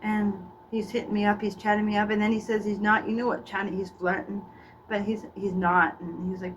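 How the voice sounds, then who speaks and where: A woman's voice: medium pitch, little pitch movement, fairly quick, highs cut off. A middle-aged woman doing a rambling, gossipy comedic character monologue, often stumbling into stammered restarts. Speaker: comedian playing a faded former child actor. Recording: distant mic with faint background noise.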